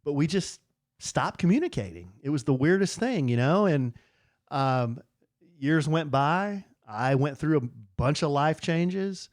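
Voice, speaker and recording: A man's voice: fairly high pitch, measured pace, no echo, clean studio sound. Chatty middle-aged man telling a story. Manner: rambling, restarts with fillers, animated when quoting friends. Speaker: podcast co-host. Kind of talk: casual storytelling chat.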